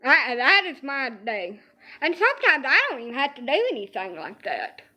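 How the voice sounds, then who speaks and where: A woman in her late thirties with a high voice talks straight into the camera, grumbling and cursing her way through a comic rant. Her complaints come out loose, loud and exaggerated, in a casual storytelling flow. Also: big pitch swings, moderate pace. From Alabama. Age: 30s. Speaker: social media streamer.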